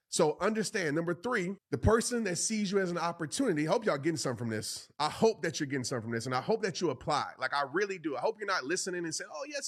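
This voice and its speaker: A man's voice: a little high, a bit bright. A man hosting a motivational podcast, preaching to listeners in an emphatic voice and repeating phrases for stress. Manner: addresses listeners directly as "y'all" and "bro". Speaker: podcast host and motivational speaker.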